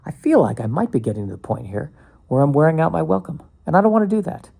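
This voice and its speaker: A male podcast host with a gravelly edge, talking loosely and sarcastically. He often restarts his sentences and slips into playful mock panic. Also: fairly high pitch, sing-song, fast talker, warm tone. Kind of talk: casual solo podcast rambling.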